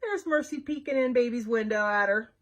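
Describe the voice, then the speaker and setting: A woman's voice: fairly high pitch, expressive, fairly quick. A woman librarian reading a storybook aloud to children, with chatty asides about the pictures, recorded on a webcam. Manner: chatty asides to young listeners, showing pictures.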